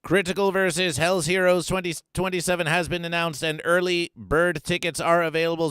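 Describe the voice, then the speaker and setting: A male comic host delivers mock-news commentary with theatrical swings between hushed asides and loud outbursts. His voice is bright and slightly high, with a smooth, clear tone. The sound is dry and close. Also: steady tone, brisk, hardly any pauses, no room sound.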